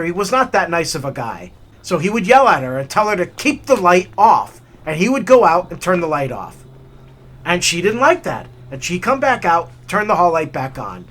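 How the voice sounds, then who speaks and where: A man hosting a hiking vlog and telling stories in an animated, chatty way with many fillers. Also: high-pitched. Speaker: hiking vlogger. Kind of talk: storytelling narration.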